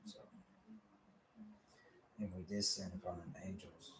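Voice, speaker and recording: A man's voice: low-pitched, steady tone, measured pace. Erratic profane man rambling in a hotel room. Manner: erratic, profane, swinging from mumbling to yelling. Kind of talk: rambling monologue. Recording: roomy distant mic with faint noise.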